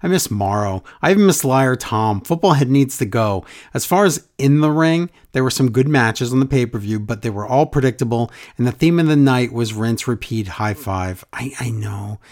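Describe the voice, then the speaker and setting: An animated man hosting a casual podcast, his pitch jumping high and low as he talks. He reads listener emails aloud and jokes along the way. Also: normal speed, hardly any pauses. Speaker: podcast host. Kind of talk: casual wrestling podcast chat.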